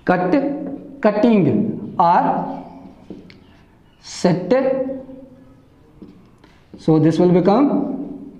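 A man's voice: high-pitched, expressive, very slow, long pauses, mellow, reverberant, muffled recording. A man teaching an English grammar lesson, explaining step by step and repeating words for emphasis.

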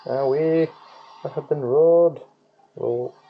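A man's voice: on the high side, extremely slow, dull audio, slight background noise. A man giving casual gaming commentary while he plays, rambling, swearing freely and humming nonsense tunes. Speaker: let's play gamer.

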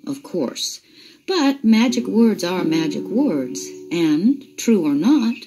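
A woman storyteller reading a picture book aloud in an expressive way. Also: fairly low pitch, poor audio. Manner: expressive, unhurried. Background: guitar music.

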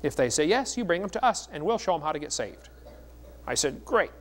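A middle-aged man with a fairly high, brisk voice preaches at a seminar as an evangelist speaker. He tells stories in a folksy, joking way, animated throughout.

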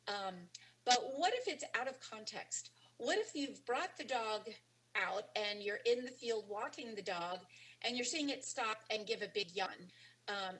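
A woman's voice: a little high, fairly bright tone, slight background noise, rough recording. A woman teaching a webinar on dog behavior, explaining casually with frequent ums and restarts. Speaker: dog training instructor. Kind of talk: webinar lecture.

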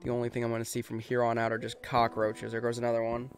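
A young man hosting a let's play, chatting casually and getting quickly frustrated, mocking himself as he goes. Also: medium pitch, monotone, soft background music. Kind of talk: casual gameplay commentary.

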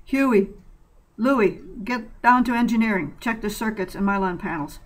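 Woman reading male spaceship leader, firm, commanding, middle pitch, storybook reading. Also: normal speed, lightly acted, low-quality recording. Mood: ordering. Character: confident male ship leader giving orders.

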